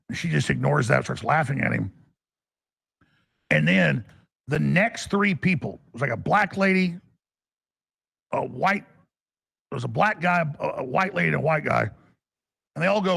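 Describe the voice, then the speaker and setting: Gravelly, rambling talk-radio man. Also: on the high side, expressive, fairly quick, long pauses, fairly bright tone, no room sound, studio quality. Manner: rambling, restarts, urgent. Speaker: radio talk show host. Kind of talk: animated talk-radio storytelling.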